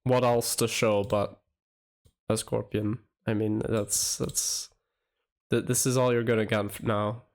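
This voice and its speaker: A young man in his twenties chatting casually on a live stream, halting and rambling with stammered restarts. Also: fairly low pitch, little pitch movement.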